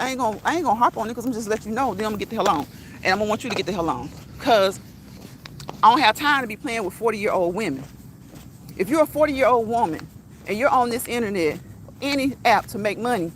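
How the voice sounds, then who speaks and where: A woman's voice: a little high, slight background noise. A woman hosting a casual walk-and-talk livestream outdoors on her phone, blunt and repetitive, dropping slang and laughing often. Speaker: channel host.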